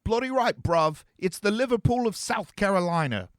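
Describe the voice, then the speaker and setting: Cocky teenage warlock with fake British accent, mocking swagger, high and loud, as a man puts him on, dry recording. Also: animated, normal speed, no echo.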